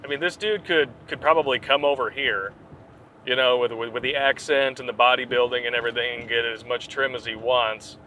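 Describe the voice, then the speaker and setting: A man's voice: medium pitch, steady tone, fairly quick, pushed and bright, slight background noise, low-quality recording. A man hosting a podcast, chatting casually and jokingly with rambling asides. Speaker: podcast host. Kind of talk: casual comedic banter.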